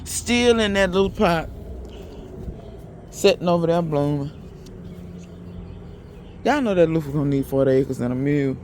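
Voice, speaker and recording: A man's voice: on the high side, lively intonation, moderate pace, long pauses, darkish tone, slight background noise. A man chatting to viewers in a casual, folksy gardening vlog, recorded outdoors in his yard. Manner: chatty, folksy, talks straight to viewers as y'all. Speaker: gardening vlogger.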